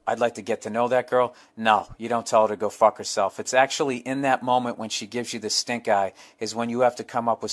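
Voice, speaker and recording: A middle-aged man with a mid-range, slightly bright voice hosts a podcast in a casual monologue. He reads fan letters and riffs on them bluntly, with profane asides.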